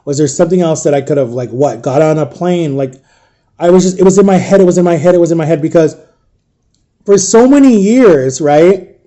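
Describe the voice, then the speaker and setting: Man, grieving, subdued, halting storyteller, mellow tone. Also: on the high side. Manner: halting, repetitive retelling. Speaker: vlogger. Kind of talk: emotional storytime.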